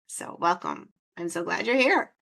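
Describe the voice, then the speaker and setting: A woman with a Minnesotan accent hosting a podcast interview, bubbly and quick to laugh in casual chat. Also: on the low side, animated, vocal fry, a bit bright. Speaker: podcast host.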